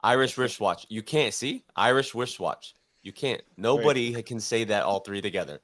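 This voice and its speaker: A man's voice: fairly low pitch, animated, brisk, dry recording. A man in his forties in casual, joking conversation as a guest on a live stream. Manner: joking, teasing. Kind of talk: casual chat.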